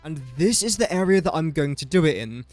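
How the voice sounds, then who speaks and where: A man's voice: fairly high pitch, expressive, brisk, a little mellow, dry recording, faint music behind. A young man from England with an English accent, giving chatty, self-deprecating gameplay commentary as he builds. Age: young adult. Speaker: gaming YouTuber.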